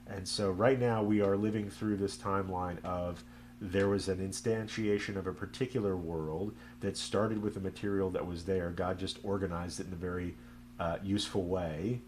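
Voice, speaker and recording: Rabbi guy teaching on a stream, lowish voice, jokey and chatty, lots of ums. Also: steady tone, normal speed, darkish tone, a little hiss or hum. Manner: chatty and joking, with frequent fillers. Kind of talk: casual livestream teaching.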